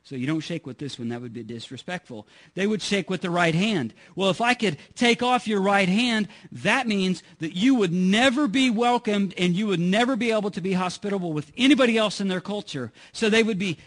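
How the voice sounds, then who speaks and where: High-voiced male pastor preaching. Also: a bit bright. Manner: conversational, repeats words when restarting. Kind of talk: sermon.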